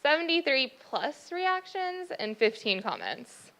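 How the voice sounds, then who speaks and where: A woman's voice: high voice, big pitch swings, measured pace, fairly bright tone, poor audio. A young woman presenting marketing advice and teasing her uncle during a talk. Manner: teasing, upbeat. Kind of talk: presentation with banter.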